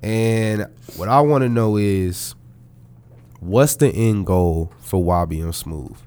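A man's voice: on the low side, darkish tone, smooth. A man co-hosting an interview, asking questions and riffing with jokes in casual slang. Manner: joking, hyped, quick to riff. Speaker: podcast co-host.

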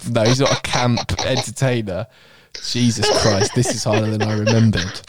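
A man's voice: lowish voice, level tone, moderate pace, darkish tone, faint music behind. Sweary man reading fan fiction aloud. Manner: irreverent, sweary, amused asides. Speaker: podcast host.

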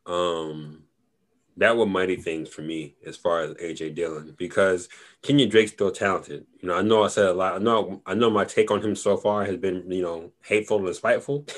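A man co-hosting a casual podcast chat, talking in a laid-back, rambling way full of fillers. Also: low-pitched. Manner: laid-back, rambling, lots of "you know". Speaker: podcast co-host. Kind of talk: casual fantasy football chat.

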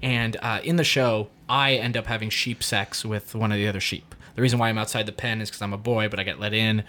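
A man's voice: fairly low pitch, quick pace. A male actor telling a funny story in casual conversation, laughing often as he talks. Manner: laughs often, lively anecdote.

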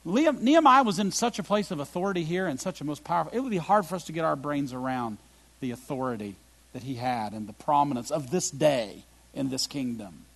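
Animated, gravelly-voiced male pastor preaching. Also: brisk. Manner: animated preaching, swinging from loud emphatic bursts to quiet, low reflective lines. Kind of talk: sermon.

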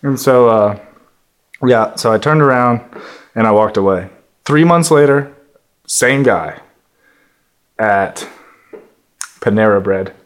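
A man telling a story as an interview guest in casual conversation, animated and acting out the voices of the people he quotes. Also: lowish voice, slow, long pauses.

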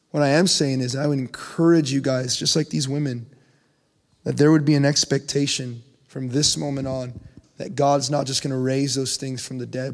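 A young man preaching a conversational sermon, his voice climbing in pitch when he presses a point. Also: a little mellow. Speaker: pastor. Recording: long hall reverb.

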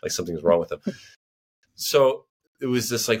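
A man's voice: mid-range voice, moderate pace. An American man in his thirties, a linguist guest in a casual interview, telling stories with lots of fillers and acting out other people's voices. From United States. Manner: animated storyteller, acts out quoted voices, frequent fillers.

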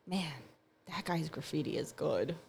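A woman's voice: low voice, measured pace, vocal fry, darkish tone, a little hiss or hum. A young woman rambling in a casual monologue, sarcastic and laughing often, with frequent swearing. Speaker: vlogger.

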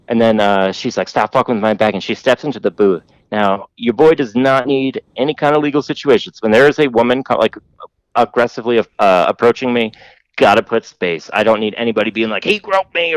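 A man with a lowish voice hosts a podcast and spins out a lengthy, rambling story, cursing freely and leaning on filler words. The audio has no room sound but is low in quality.

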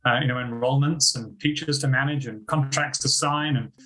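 Storytelling Australian man, mid pitch. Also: moderate pace, low-quality recording. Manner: animated anecdotes with acted-out quotes. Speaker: podcast guest, school principal. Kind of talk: casual interview storytelling.

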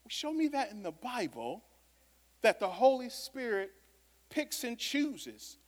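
A man delivers a sermon in a relaxed, conversational way, his voice sitting high. He swings between loud emphatic lines and quiet, almost whispered asides. The long reverb of a church hall trails after every phrase. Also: measured pace. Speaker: preacher. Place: church sanctuary.

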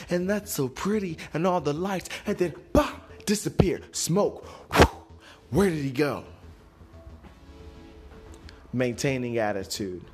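A man hosting a solo motivational podcast, talking in an animated, playful way with sudden jumps in pitch. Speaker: podcast host.

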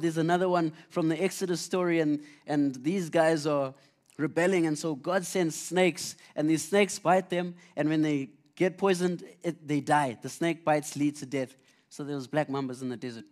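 A man's voice: fairly high pitch, a little mellow. A man preaching a conversational sermon, telling Bible stories earnestly with frequent restarts.

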